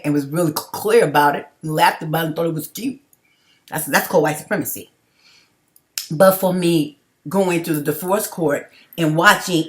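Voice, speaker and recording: In a personal vlog, a middle-aged woman with a fairly low voice speaks directly to her viewers. She is emphatic and repetitive and keeps checking in with "okay?"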